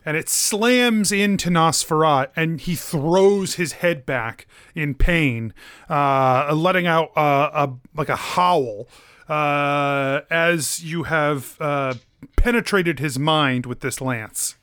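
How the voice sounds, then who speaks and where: Male game master, slightly high smooth voice, loose filler-heavy narration, dry close mic. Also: slow pace, a bit bright, dry recording.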